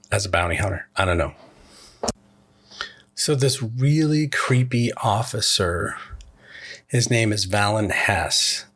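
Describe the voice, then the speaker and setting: A man's voice: fairly low pitch, a bit bright. A man hosting a podcast, casually retelling a TV episode scene by scene and quoting the characters' lines. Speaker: podcast host.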